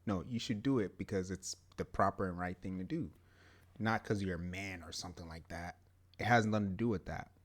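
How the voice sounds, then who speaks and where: Male podcast co-host, low-pitched, emphatic, animated casual talker. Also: a little fast. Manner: animated, emphatic, laughs often. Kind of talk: casual chat.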